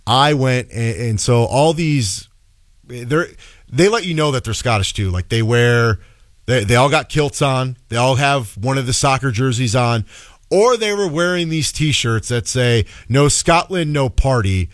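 A man's voice: mid-range voice, expressive, a little slow, dry recording, clean studio sound. A man in casual podcast chat, telling a story animatedly with frequent restarts. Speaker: podcast co-host.

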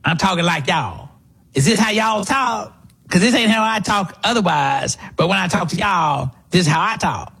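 Male host doing a mocking impression of a woman politician with a fake drawl; husky, high-pitched. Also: lively intonation, moderate pace, pushed and bright, heavily acted.

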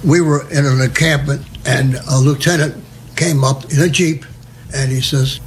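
A man's voice: medium pitch, steady tone, moderate pace, slight background noise. A man in his nineties from New Jersey, telling rambling oral-history war stories with chuckles and restarts. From New Jersey, USA. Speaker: war veteran interviewee.

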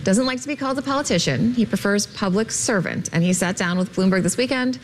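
A woman's voice: mid-range voice, quick pace, in a large hall, slight background noise. A woman co-anchor introducing a news interview segment in a conversational way.

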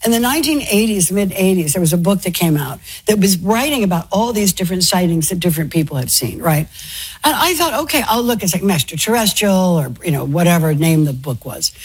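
A woman earnestly recounting a personal experience, halting and restarting often, and growing emotional as she speaks. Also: on the low side, lively intonation, breathy edge. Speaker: interview guest. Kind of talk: personal storytelling.

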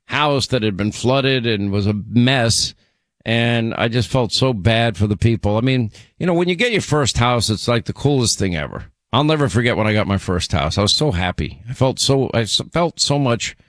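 A man's voice: medium pitch, fairly bright tone, no echo, studio quality. A man hosting a call-in radio show, chatting with callers and rambling through personal stories. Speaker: radio talk show host.

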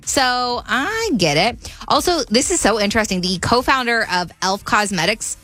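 A woman with a Minnesotan accent hosting a radio entertainment segment, chatting excitably about celebrity news with lots of "like" fillers. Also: a little high, moderate pace, soft background music. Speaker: radio host.

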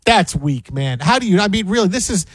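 A man with a high-pitched voice rambles through casual sports banter, piling up emphatic repeated phrases. The sound is dry and close, with no room around it. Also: lively intonation, a little fast, no room sound. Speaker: sports show co-host.

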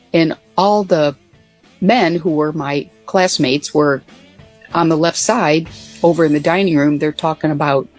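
An older woman with a deep voice, once an Air Force pilot, tells stories in a casual interview. Her speech is full of fillers and restarts.

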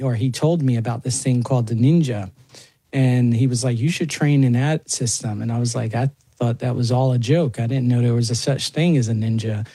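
A man in his forties tells long personal stories as an interview guest. He rambles a little, with fillers and restarts. His voice is mellow and warm and sits at an ordinary pitch, recorded close and dry. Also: no room sound. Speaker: ninjutsu teacher. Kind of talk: casual storytelling interview.

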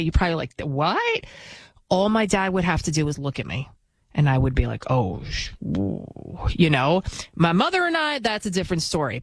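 A woman filling in as host of a talk show, delivering an animated, opinionated monologue full of anecdotes. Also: mid-range voice, no room sound. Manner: animated storytelling, acts out quoted voices.

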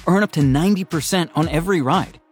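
A man's voice: on the high side, quick pace, faint music behind. A man reading a radio ad in a punchy, upbeat announcer style.

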